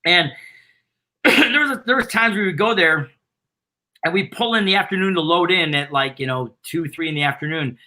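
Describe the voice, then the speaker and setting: Bright-voiced man telling wild stories. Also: fairly high pitch, normal speed. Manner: excited, rambling anecdote-teller. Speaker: band founder, interview guest. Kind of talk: casual storytelling.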